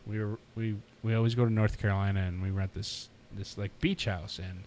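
A man's voice: lowish voice, steady tone, fairly quick, darkish tone, a little hiss or hum. A man co-hosting a podcast, chatting casually and rambling through stories with many fillers. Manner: rambling, lots of fillers and restarts. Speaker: podcast co-host. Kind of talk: casual chat.

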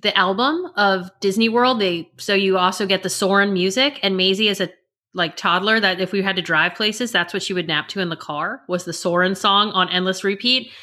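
A woman's voice: mid-range voice, moderate pace, sharp tone. A woman in her forties chatting casually as a podcast co-host, telling family stories and acting out what people said. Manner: chatty storyteller who acts out family quotes. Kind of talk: casual chat.

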